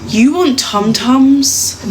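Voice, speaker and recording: A young woman chats on a live stream from her kitchen, cooing at her dog in baby talk. Her voice sits high and her delivery is slow and drawn out. Loud crowd chatter runs underneath. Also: poor audio. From England. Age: young adult. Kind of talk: casual live-stream chat. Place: home kitchen. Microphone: phone livestream. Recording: loud crowd noise behind.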